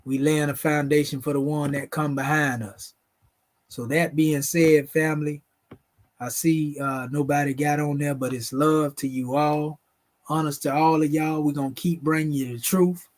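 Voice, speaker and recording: Southern guy with a country drawl, kinda high voice, preaching on a late night stream. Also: level tone, normal speed. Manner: preachy, calls listeners "family", recites spiritual invocations. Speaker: channel host. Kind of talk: late-night livestream monologue.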